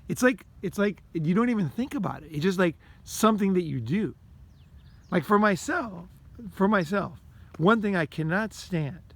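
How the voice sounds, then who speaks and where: A man talking to his viewers in a casual, rambling monologue, blunt and emphatic, swearing often and restarting his sentences. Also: fairly high pitch. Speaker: vlogger.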